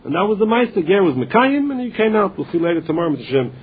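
Man teaching Talmud, husky high voice, tinny phone-line sound, storytelling with Aramaic mixed in. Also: very animated, very fast. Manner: storytelling, mixing Aramaic phrases with English. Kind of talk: Talmud lesson, translating and retelling.

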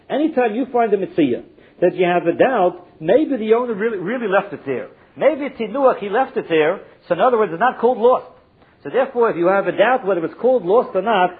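A man's voice: sits high, breathy edge. A man teaching a Talmud lesson, reading short phrases and translating each one in turn with a chanting cadence. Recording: muffled phone-like recording.

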